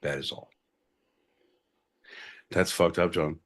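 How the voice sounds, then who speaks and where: A man's voice: extremely low pitch, fairly even intonation, takes it slowly, fairly bright tone. A man co-hosting a podcast, bantering sardonically with mock-grand announcements and frequent swearing. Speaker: podcast co-host. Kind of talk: casual comedic banter.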